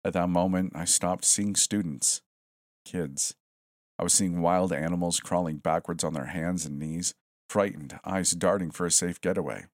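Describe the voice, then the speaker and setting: A man narrating a horror story in a steady, tense storytelling manner. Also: low voice, normal speed, no echo, clean studio sound.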